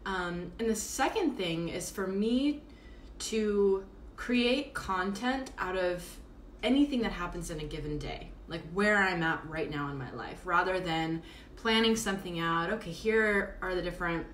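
A woman's voice: lowish voice, measured pace, hardly any pauses, fairly bright tone, slight background noise. Tired woman chatting on a live stream. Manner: chatty, rambling, many fillers. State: exhausted. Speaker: podcast host doing a live stream. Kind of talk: casual live-stream monologue. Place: at home, indoors. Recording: roomy echo, faint background ambience.

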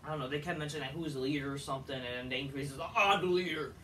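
A man's voice: medium pitch, fairly even intonation, very fast, fairly bright tone, slight background noise. A man reviewing a wrestling show in a profane, exasperated, sarcastic rant. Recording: echoey room, distant mic.

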